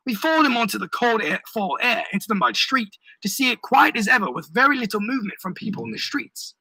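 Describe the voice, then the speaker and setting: Male narrator, first-person audiobook, action scenes, gravelly, bright. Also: very high voice, animated, fast, no room sound, rough recording. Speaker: author reading his own novel.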